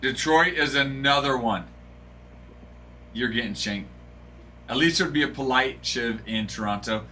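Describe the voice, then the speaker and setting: A man's voice: medium pitch, unhurried, long pauses, bright, forceful tone, a little hiss or hum. A man hosting a live card break stream, joking and bantering casually with viewers.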